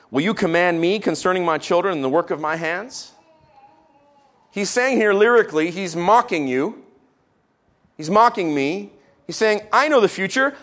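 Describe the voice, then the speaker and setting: A man preaching a sermon, reading scripture with rising emphasis and dropping into casual, quiet asides. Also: high voice. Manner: casual asides with fillers between solemn readings.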